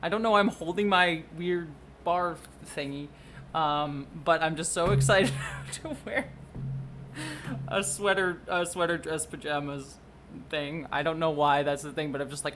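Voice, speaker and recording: A livestreamer and video producer chatting casually at home, rambling, excitable and often apologetic. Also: medium pitch, moderate pace, a little hiss or hum. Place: at home under a blanket.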